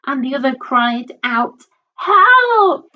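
A woman reading a rhyming storybook aloud in a lilting, rhythmic, expressive voice, on a dull lo-fi recording. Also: mid-range voice, unhurried.

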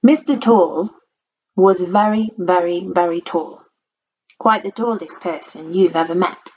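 A woman reading a children's storybook aloud in a playful, expressive way. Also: fairly low pitch, unhurried, husky. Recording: dull lo-fi recording.

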